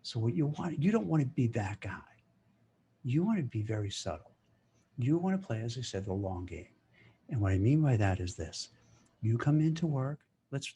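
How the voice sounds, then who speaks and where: A man talks through career advice in a casual monologue, animated and quick to act out office chatter. His voice sits at an ordinary middle pitch. Faint noise hums behind him. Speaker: career commentator.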